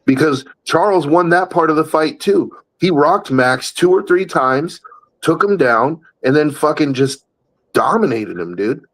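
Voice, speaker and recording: A man's voice: on the high side, expressive, unhurried, a bit bright, rough recording. Blunt, swearing man in casual chat. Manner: blunt, profane, emphatic. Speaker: podcast co-host.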